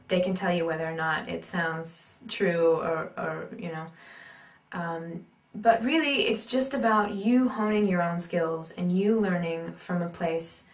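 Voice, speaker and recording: A woman teaching about accents and voice work in an animated, emphatic way, repeating her key points. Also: on the low side, far from the mic. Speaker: acting and accent coach. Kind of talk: instructional talk. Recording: roomy echo, speaker off-mic.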